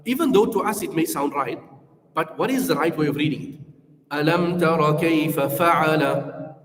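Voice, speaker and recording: A man with a South African accent speaks to parents at a school information session. He explains earnestly point by point, in a fairly high voice that rings out in an echoey hall with long reverb. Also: big pitch swings, fast, a little mellow. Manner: earnest, explanatory, numbered points, models recitation aloud. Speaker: school Quran programme presenter.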